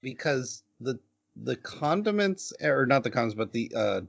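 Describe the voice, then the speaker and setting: A man's voice: mid-range voice, very animated, moderate pace, creaky, husky. A man co-hosting a podcast, offering hesitant, musing remarks in casual chat. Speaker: podcast co-host. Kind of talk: casual anime discussion chat.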